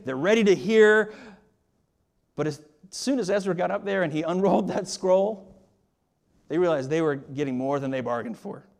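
A man's voice: high voice, a little mellow. A man preaching a sermon, pressing his points with rhetorical questions and often repeating words as he starts a phrase. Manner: emphatic, with rising and falling emphasis and rhetorical questions. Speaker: pastor.

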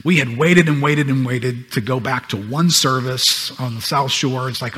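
A man delivers a sermon as a pastor, his voice slightly husky at a middle pitch. He punches key phrases loudly, then eases into quieter, conversational asides. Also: moderate pace, hardly any pauses, in a large hall. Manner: emphatic preaching, swings between loud stresses and quiet asides.

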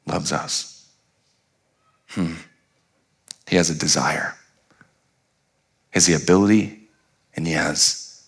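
Male pastor, bright voice; lively sermon storyteller who dramatizes scenes. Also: on the low side. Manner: animated, acts out quoted voices.

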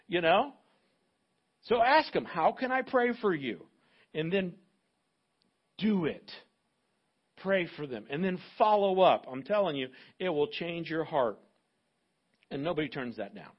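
A man preaching a sermon as pastor, animated and acting out little dialogues in different voices. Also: sits high, normal speed, pauses often, breathy edge, highs cut off.

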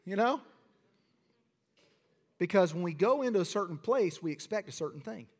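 Man, pastor, high voice, fervent sermon, long church reverb. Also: lively intonation, fast, darkish tone. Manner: preaching with rising fervor and Southern asides. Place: church sanctuary.

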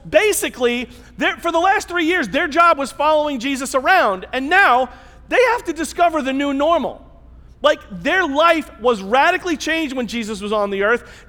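A man's voice: very high voice, sharp tone. A man giving a casual, chatty sermon and asking his listeners questions. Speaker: pastor. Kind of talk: conversational sermon. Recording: long reverb in a large hall.

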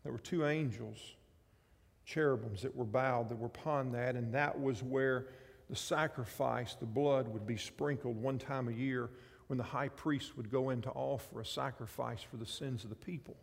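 A pastor preaching a sermon with an emphatic, repetitive cadence. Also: male voice, mid-range voice, fairly even intonation, normal speed, creaky, slightly rough, long reverb tail.

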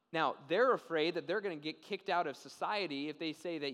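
A young man preaching a sermon, telling a story in a casual, animated way and often checking in with "okay?". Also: fairly high pitch, quick pace, few pauses. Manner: animated storytelling, acts out quoted voices. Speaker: pastor. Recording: long reverb of a large hall.

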